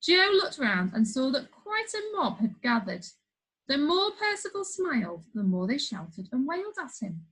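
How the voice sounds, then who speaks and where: A woman's voice: sits high, sing-song, normal speed, fairly bright tone, low-quality recording. A woman reading a funny children's story aloud, playful, with chatty asides to the listener. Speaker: storybook reader.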